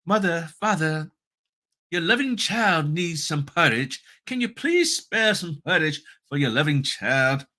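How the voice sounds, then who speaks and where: A man voicing a hungry, begging child in a put-on British accent, high and slow-spoken. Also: big pitch swings, sharp tone, full character voice. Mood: pleading. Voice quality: high, slow, pleading singsong.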